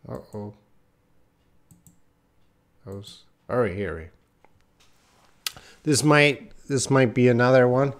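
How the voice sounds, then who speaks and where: A man's voice: mid-range voice, slow pace, pauses often. A man giving a casual live-stream lesson, chatting to viewers by name and laughing at his own slips. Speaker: English teacher.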